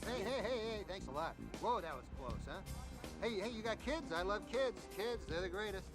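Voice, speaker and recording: A cocky talking dog fires off sarcastic quips in a very high voice. Film music plays underneath. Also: male voice, wildly swooping pitch, fairly quick. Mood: wisecracking. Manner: sarcastic, chatty.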